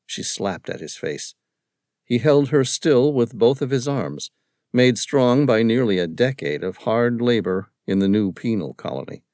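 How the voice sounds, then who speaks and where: A male audiobook narrator reading a novel in steady, even storytelling. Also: on the low side, unhurried, no room sound, clean studio sound. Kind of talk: scripted narration.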